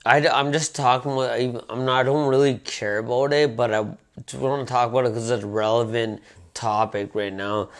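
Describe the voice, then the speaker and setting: A man co-hosting a casual sports talk show, talking in a relaxed, rambling way with frequent restarts. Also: mid-range voice, moderate pace. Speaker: podcast co-host.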